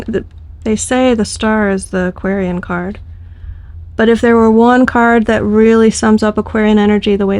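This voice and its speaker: A woman's voice: mid-range voice, a little mellow, dry recording. A woman giving a casual spoken tarot reading to her viewers, thinking aloud with loose phrasing and frequent fillers. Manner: thoughtful, loose delivery with frequent fillers and restarts. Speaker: tarot reader.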